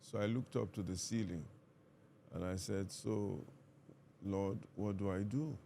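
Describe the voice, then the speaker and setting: Nigerian male pastor, very low gravelly voice, calm measured storyteller. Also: a little hiss or hum. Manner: calm, measured, reenacts dialogue. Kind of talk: reflective storytelling in conversation.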